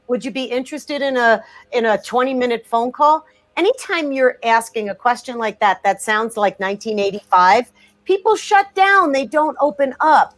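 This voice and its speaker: A woman who writes about sales, talking as an interview guest with a blunt, emphatic manner and frequent restarts. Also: fairly high pitch. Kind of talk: conversational interview.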